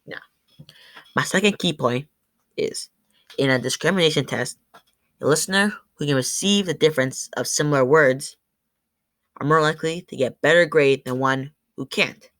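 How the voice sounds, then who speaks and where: A woman's voice: low voice, moderate pace, long pauses, a bit bright. A woman presenting to a class. She stumbles over words, corrects herself, and says sample words aloud. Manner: demonstrates sounds aloud. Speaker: student presenter.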